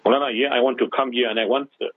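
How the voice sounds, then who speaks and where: Husky man preaching over a tinny phone line. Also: medium pitch, fairly even intonation, rapid-fire, no room sound. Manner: preaching, rhetorical questions. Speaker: radio host. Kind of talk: radio Islamic advice talk.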